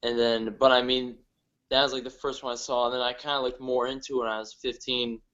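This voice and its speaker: Young midwestern guy from ohio, guesting on a podcast, kinda halting, mid pitch, audio a bit dull. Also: flat delivery, fairly bright tone. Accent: Midwestern American. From northern Ohio, USA. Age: young adult. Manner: halting, hesitant storytelling. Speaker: guest comedian. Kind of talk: casual interview chat.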